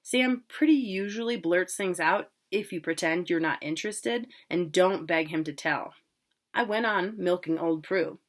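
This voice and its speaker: A woman reading a first-person novel aloud in a plain, unhurried way. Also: lowish voice. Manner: plain, unhurried, with casual asides about pronunciation. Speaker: reader.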